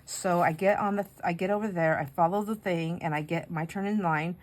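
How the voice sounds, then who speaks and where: A chatty woman tells a long, rambling story as she decorates pages, breaking off now and then to remark on her supplies. Her voice sits on the lower side. A faint hiss runs under the close recording. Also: fairly even intonation, fairly quick. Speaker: craft vlogger. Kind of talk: casual chat while crafting.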